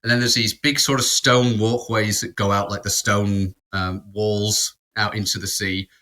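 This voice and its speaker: A man's voice: on the low side, little pitch movement, a little slow, bright, forceful tone. A man, co-hosting a podcast and telling a rambling anecdote in casual chat, with restarts and laughter. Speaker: podcast co-host. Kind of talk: casual storytelling.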